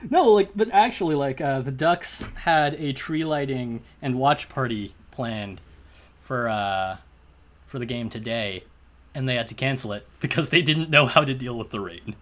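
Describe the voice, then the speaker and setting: A man's voice: mid-range voice, moderate pace, fairly bright tone. A man co-hosting a podcast, chatting casually, joking and laughing often. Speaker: podcast co-host. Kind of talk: casual chat.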